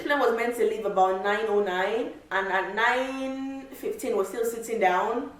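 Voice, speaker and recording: A woman vlogger telling a travel story in a casual, animated way, with lots of repeats and filler words. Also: mid-range voice, moderate pace, few pauses. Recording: echoey room, mic far off.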